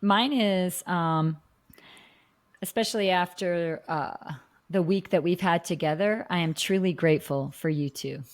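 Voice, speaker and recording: Lower-voiced woman, rambling storyteller. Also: unhurried. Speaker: podcast co-host. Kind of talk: casual chat.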